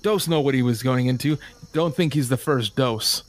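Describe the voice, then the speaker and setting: A man voicing a ruthless, gruff male boat leader who gives blunt, harsh orders. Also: medium pitch, normal speed, natural voice.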